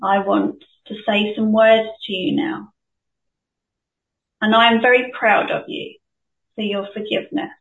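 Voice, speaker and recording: Slow gentle woman therapist, roomy and distant. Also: medium pitch, steady tone, narrow, tinny audio. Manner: gentle, measured, affirming. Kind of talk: guided therapy session.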